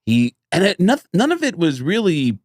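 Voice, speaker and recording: Brief: male comic host, animated anecdotes, pitch bouncing around, dry. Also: normal speed, dry recording. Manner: animated, acts out voices in stories. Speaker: comedian and podcast host. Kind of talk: casual storytelling chat.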